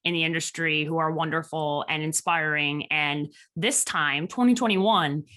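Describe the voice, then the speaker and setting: A woman in her thirties from Chicago with a slight Chicago accent, a guest telling stories in a casual interview with animated delivery. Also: sits low, normal speed. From Chicago, USA. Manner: animated, quotes people in lively voices. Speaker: podcast guest.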